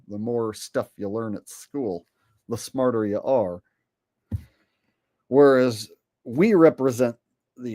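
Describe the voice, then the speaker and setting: Slow, profane, rambling male streamer. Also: mid-range voice, darkish tone, no room sound, studio quality. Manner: rambling and profane, with frequent fillers. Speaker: livestream host. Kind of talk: casual livestream chat.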